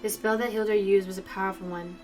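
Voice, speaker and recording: A woman voicing a somber, gentle young male knight, speaking quietly and gravely from a distant mic with faint music. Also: mid-range voice, steady tone, quick pace, natural voice.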